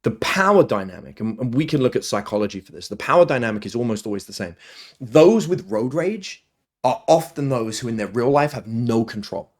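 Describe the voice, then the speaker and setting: A man, a dating coach guest on a podcast interview, telling stories with lively, acted-out quotes. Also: medium pitch, fairly quick. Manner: animated storyteller, acts out quotes in other voices.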